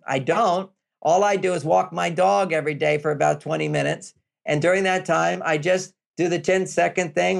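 A man's voice: on the high side, vocal fry. An older man, a guest author, explaining relationship and health advice in an interview with an emphatic, repetitive manner.

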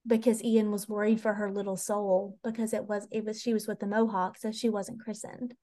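A woman's voice: medium pitch, flat delivery, brisk, few pauses, mellow. A woman co-hosting a casual podcast chat, gushing as she retells scenes. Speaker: podcast co-host.

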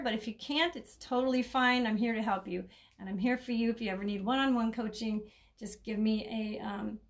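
A middle-aged woman hosting a casual caregiving podcast, chatty and rambling, laughing often and restarting her sentences. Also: a little high. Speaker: caregiving coach and podcast host. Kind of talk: casual solo podcast talk.

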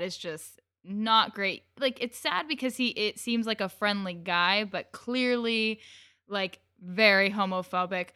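Woman, podcast guest, casual chat, bright tone, smooth clear voice. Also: medium pitch, no room sound, studio quality. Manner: chatty, amused, quotes scenes with laughs. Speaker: guest co-host. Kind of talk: casual episode recap chat.

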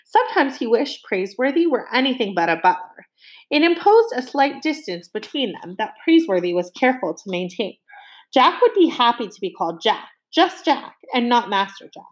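Expressive woman reading a storybook. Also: a little high, low-quality recording. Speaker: audiobook narrator. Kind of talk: storybook narration.

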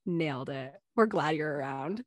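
A woman's voice: sits low, moderate pace. A young woman co-hosting a casual podcast, reading listener stories and acting out quotes with lots of laughter. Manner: giggly, animated storyteller acting out quotes. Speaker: podcast co-host.

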